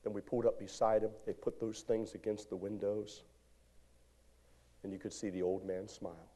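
A male pastor preaching a sermon in a church, animated, moving from shouts to hushed lines and calling out to the congregation. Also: lowish voice, moderate pace. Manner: call-and-response exhortation to congregation. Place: church sanctuary.

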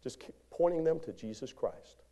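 A male pastor preaching a sermon in a church, animated, moving from shouts to hushed lines and calling out to the congregation. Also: medium pitch, normal speed. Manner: call-and-response exhortation to congregation. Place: church sanctuary.

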